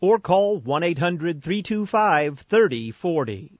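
A man hosting a radio talk show, reading ads and interviewing a guest in a clear, measured announcer manner. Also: on the high side, very animated, a little mellow, no room sound. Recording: muffled lo-fi radio broadcast.

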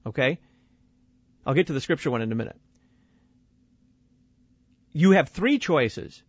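A man's voice: on the high side, expressive, a little slow, husky, no echo, highs cut off. A man from Texas hosting a talk show and critiquing sermons. He speaks bluntly and wryly, often repeating words as he starts a point. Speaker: radio show host.

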